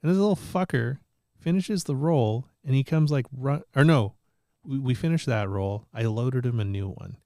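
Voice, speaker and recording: A man's voice: mid-range voice, moderate pace, dry recording, studio quality. A man hosting a casual chat show, telling stories with lots of laughter and the odd curse. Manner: animated storyteller, swears, laughs often. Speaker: podcast host.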